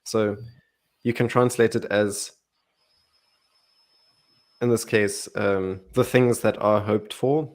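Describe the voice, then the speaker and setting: A man explaining Greek grammar in a relaxed Bible study chat, playful and laughing often. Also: on the low side, slow pace, long pauses.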